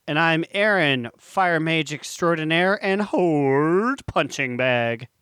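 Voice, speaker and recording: A man's voice: fairly high pitch, animated, slow, a bit bright, smooth, no echo. A man co-hosting a casual gaming podcast, telling stories in a laid-back, chatty way. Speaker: podcast co-host.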